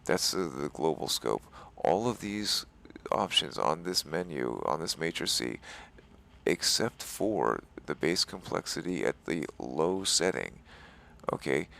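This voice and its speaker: A man with a very low, gravelly voice hosts a game settings tutorial. He sounds exasperated and rambling, repeating that he's staying chill and calling the viewer "dude.". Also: very animated, unhurried, bright, forceful tone. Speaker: gaming tutorial host. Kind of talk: screen-recorded game settings walkthrough.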